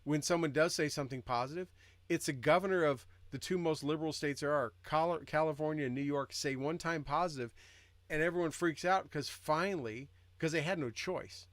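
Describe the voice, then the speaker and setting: Earnest podcast co-host, dry sound. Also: male voice, fairly high pitch, brisk, a bit bright, no room sound. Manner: earnest, repeats words while building an argument. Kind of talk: casual podcast chat.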